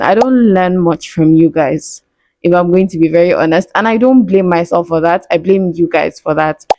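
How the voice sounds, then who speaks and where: A woman's voice: mid-range voice, a little mellow, no room sound, studio quality. A young woman, answering viewer questions in a candid, playful way that breaks into frequent laughs. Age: 20s. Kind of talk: casual Q&A vlog.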